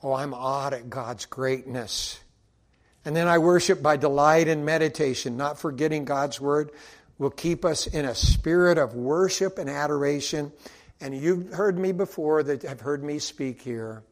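A man preaching a sermon, acting out quotes and swinging from loud to quiet. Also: medium pitch, unhurried. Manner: animated, acts out quotes, rises and drops in volume.

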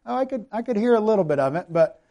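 A man from South Carolina with a Southern accent, preaching a sermon that swings from emphatic scripture passages to relaxed personal storytelling. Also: high-pitched, fast talker. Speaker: pastor.

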